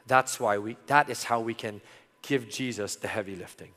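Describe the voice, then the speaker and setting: A middle-aged man preaching a sermon, earnest, moving from loud emphasis to soft, intimate tones. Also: on the low side, moderate pace. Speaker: pastor. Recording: long hall reverb.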